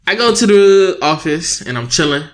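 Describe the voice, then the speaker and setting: A young man co-hosting a casual podcast with his wife, telling an animated story, laughing often and acting out both sides of an argument. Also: sits high, normal speed. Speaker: podcast co-host. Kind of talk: casual married-couple podcast chat.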